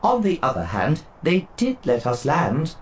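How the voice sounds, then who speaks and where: A man's voice: on the high side, huge pitch swings, unhurried, pitched above the performer's own voice. A man reading an audiobook, voicing a fussy, prim male protocol droid who huffs at rudeness. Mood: prissy. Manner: huffy, prissy. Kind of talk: audiobook narration.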